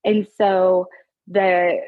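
A woman speaking as a podcast guest, telling a story in an earnest, animated way with many fillers and restarts. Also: on the low side, very slow, dry recording, phone-quality sound. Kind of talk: conversational storytelling.

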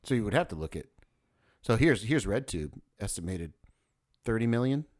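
A man's voice: lowish voice, sing-song, normal speed, darkish tone. A man co-hosting a casual podcast chat, rambling and crude, joking and restarting his sentences. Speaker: podcast co-host.

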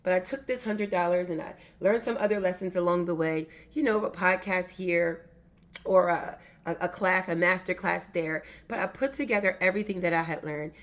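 A woman's voice: lowish voice, normal speed. A middle-aged woman giving an emphatic motivational business talk, repeating phrases for effect. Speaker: business coach.

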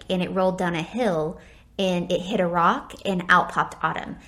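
A woman's voice: fairly low pitch, a bit bright. A woman from the American South co-hosting a podcast in casual chat, playful and filling her talk with "like". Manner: chatty, playful, says "like" often. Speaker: podcast co-host.

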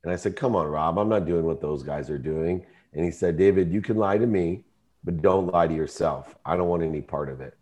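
Male guest, deep voice, passionate and emphatic storytelling. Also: fairly quick. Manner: emotional, emphatic, rising to shouting in quoted arguments. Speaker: entrepreneur guest. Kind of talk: storytelling in an interview.

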